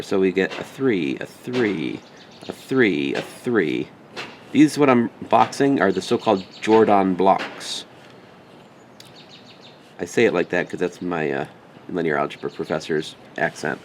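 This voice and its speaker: A man with a lowish voice lectures on math for a recording, thinking aloud as he writes. His pitch rises and falls a lot as he moves between steps and throwaway jokes. He often corrects himself under his breath. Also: creaky, a little hiss or hum. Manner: thinks aloud while writing, joking asides. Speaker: math instructor.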